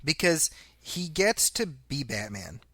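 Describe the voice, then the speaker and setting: A man's voice: fairly high pitch, sing-song, slow, bright, forceful tone, no room sound, clean studio sound. A man co-hosting a casual movie podcast, reading listener comments aloud and laughing often. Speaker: podcast co-host. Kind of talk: casual chat.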